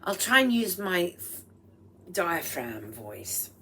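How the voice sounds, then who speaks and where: A woman vlogging at home with a throaty, strained voice, speaking in a slow, deliberate and slightly formal way and often dropping into breathy whispered asides. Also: on the low side, sing-song, a bit bright. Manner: proper, slightly formal phrasing. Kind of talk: rambling personal vlog monologue. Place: at home while cooking. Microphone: speaking into a microphone.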